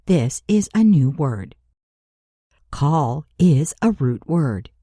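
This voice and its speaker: A woman narrating a scripted grammar lesson as an English teacher, speaking deliberately and spelling out letters for learners. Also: low voice, sing-song, dark tone, slightly rough, no room sound, studio quality.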